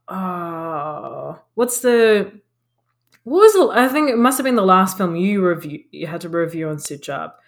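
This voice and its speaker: A woman co-hosting a podcast, reviewing a bad film in a casual, sarcastic way and swearing freely. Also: fairly low pitch. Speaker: podcast co-host.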